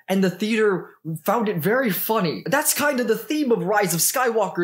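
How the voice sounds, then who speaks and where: A man's voice: high-pitched, close to an everyday voice. A man playing a petulant, sulking adult space villain in a comedy monologue, whiny and sarcastic, swearing a lot. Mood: exasperated. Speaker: comedian in character.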